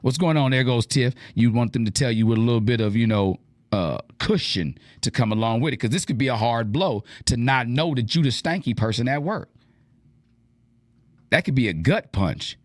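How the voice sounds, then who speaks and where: A man's voice: mid-range voice, normal speed, no echo. A man hosting an advice radio show, talking casually and animatedly in slang and acting out the lines he quotes.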